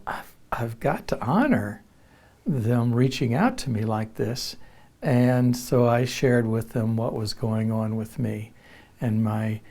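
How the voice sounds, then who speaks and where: Slow, mellow-voiced man telling his story. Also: medium pitch. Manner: reflective, measured, earnest. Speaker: university counseling professor. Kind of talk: personal storytelling.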